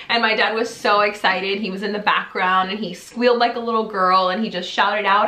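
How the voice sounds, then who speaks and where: A young woman vlogger telling a personal story in a casual, animated way, laughing often and acting out what people said in a higher voice. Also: moderate pace. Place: home office. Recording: echoey room.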